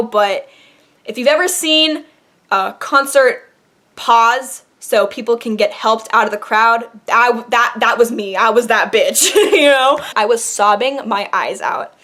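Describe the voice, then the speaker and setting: A young woman vlogger telling a dramatic personal story in an animated, casual way. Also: fairly high pitch. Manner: animated, dramatic retelling with laughs. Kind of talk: storytime vlog.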